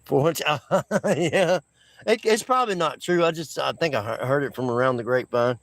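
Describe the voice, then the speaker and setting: A man chatting live with his viewers, loose and rambling, laughing often and restarting his sentences. His voice sits a little high for a man, and the sound is close and dry. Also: moderate pace, no room sound. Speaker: livestream host. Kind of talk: casual livestream chat with viewers.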